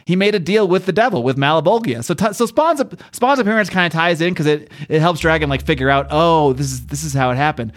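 A man in casual podcast conversation, speaking in a slightly high voice and audibly enjoying himself. He talks excitedly, often laughing and restarting his sentences, with plenty of fillers. He sounds loose and unscripted, like chatting with a friend. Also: fast, few pauses. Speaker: podcast host.

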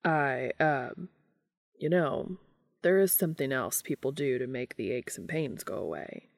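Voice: mid-range voice, a little slow, gravelly, no room sound, studio quality. A reader voicing a cocky adult man who talks casually and teases, in a fan fiction audiobook reading. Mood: teasing. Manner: casual and teasing. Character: cocky, joking adult male hunter.

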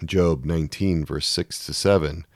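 A man giving a sermon, reading scripture passages aloud with rising anguished intensity between calmer explanations. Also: very deep voice, measured pace, no room sound, clean studio sound. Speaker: preacher.

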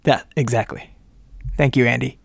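A man's voice: mid-range voice, fairly even intonation, normal speed, vocal fry, no room sound. A man co-hosting a casual podcast chat, dropping wry quips and the odd mock-grand speech. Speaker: podcast co-host.

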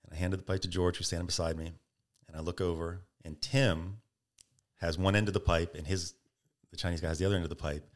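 Man, very low voice, casual storytelling, acts out the quotes. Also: steady tone, fast talker. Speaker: podcast guest.

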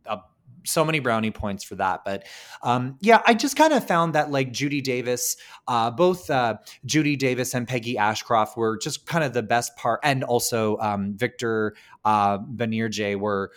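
A man's voice: medium pitch, moderate pace. A man co-hosting a podcast, chatting casually about films, with lots of "like" and "um" and the odd swear word. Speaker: podcast co-host. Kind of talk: casual film discussion.

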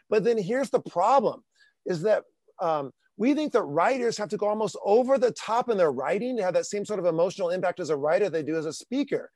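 A man talking as a podcast guest, energetic and animated, with lots of casual fillers. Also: high-pitched, brisk, no room sound. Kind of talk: casual interview talk.

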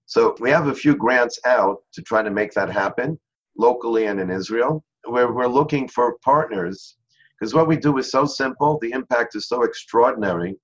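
A man guest in an interview, telling a story in an earnest way and slowing down on key phrases. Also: medium pitch. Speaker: interview guest, charity founder. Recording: dull lo-fi sound.

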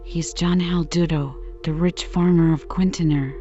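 An aggrieved young farm boy protesting his lot, as a woman reads him. The delivery is soft and mellow, a bedtime reading. The recording is slightly dull, with faint music behind. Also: fairly low pitch, fairly even intonation, measured pace, close to an everyday voice. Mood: pleading. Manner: pleading, protesting. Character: aggrieved fifteen-year-old farm boy.

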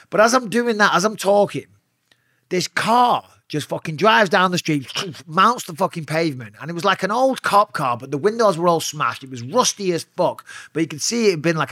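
A man with a bright, forceful voice tells an animated, profane story as a podcast guest. His voice sits slightly high for a man. The room sounds dead and close-miked. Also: no room sound. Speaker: guest, retired fighter. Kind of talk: casual storytelling interview.

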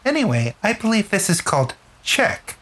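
A game master voicing a smug, scheming chess-playing villain in a tabletop game, with a dry, gloating manner and a husky voice. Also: medium pitch, big pitch swings, normal speed, a bit bright, pitched above the performer's own voice.

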